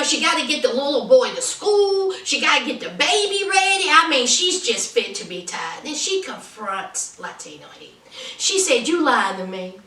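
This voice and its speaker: Sassy woman recapping reality TV, high voice, echoey room. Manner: animated, slangy, laughing asides. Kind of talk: sassy casual commentary. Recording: roomy, mic at a distance.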